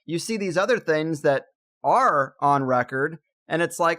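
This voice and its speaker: Relaxed, fairly high-voiced male podcast host. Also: a little slow. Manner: relaxed, thinks aloud with frequent "like"s. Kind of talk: casual conversational interview.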